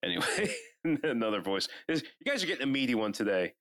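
A man with a Northeastern US accent rambles through profane banter, his pitch swinging widely as he tells stories. The sound is dry and close, with no room around him. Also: fast talker, no echo. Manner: rambling, profane, animated storytelling. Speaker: podcast co-host. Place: on a couch at home.

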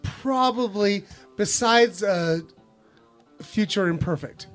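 A woman in a loose, casual geek chat, excitable, foul-mouthed and full of laughter. Her voice sits at a middle pitch, with faint music playing softly behind her. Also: slow pace. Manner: excitable, swears a lot, laughs often. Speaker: podcast co-host.

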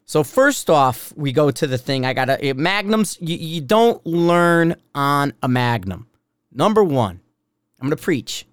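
A man's voice: a little high, sing-song, measured pace, clean tone, no room sound, clean studio sound. A man hosting a podcast as a shooting instructor, talking in a blunt, rambling, profane way. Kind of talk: casual rambling podcast monologue.

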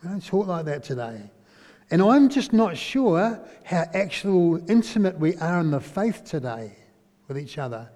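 This man's voice sits high and is a little mellow as he preaches in a chatty style, often questioning his audience and tacking "eh?" onto his lines. Long reverb from a hall surrounds the sound.

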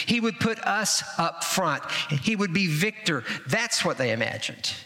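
A man preaching a sermon as pastor, animated and dramatic in retelling the story. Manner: animated, acts out quoted voices with rising pitch. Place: church sanctuary. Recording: reverberant hall.

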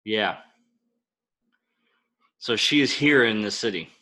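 A man acting as game master, explaining rules and narrating scenes in a relaxed way with many fillers. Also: on the low side, takes it slowly.

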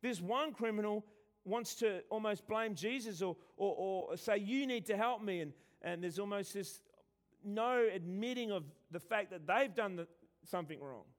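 Guy preaching, kinda high voice, punchy then goes quiet, repeats words a lot. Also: moderate pace. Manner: emphatic, swings between loud and hushed, stumbles and repeats. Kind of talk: sermon.

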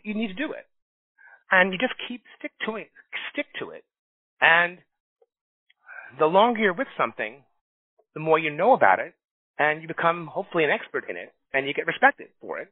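Fast-talking and fairly high-pitched, a middle-aged New Yorker tells stories on a casual podcast, acting out the people he quotes. He works as a staffing recruiter and leads an association. The sound has no echo and comes across tinny and dry, like a phone.

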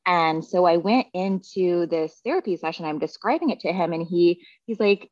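A middle-aged woman with a lowish voice tells a personal story as a podcast guest. She is frank and sprinkles in profanity and constant "like"s. The recording is dry and slightly dull. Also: normal speed, hardly any pauses, darkish tone, no room sound. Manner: frank, profane, heavy use of "like" fillers. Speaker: podcast guest, therapy practitioner.

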